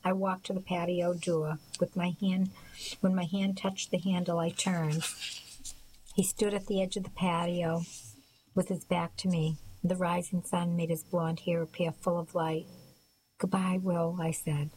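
A woman narrating a first-person audiobook in a soft, measured, reflective way. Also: on the low side, flat delivery, slight background noise, low-quality recording.

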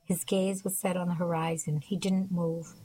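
A woman narrating a novel as an audiobook, in a soft, quiet voice that sometimes drops to a whisper. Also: on the low side, little pitch movement, moderate pace, breathy edge, poor audio.

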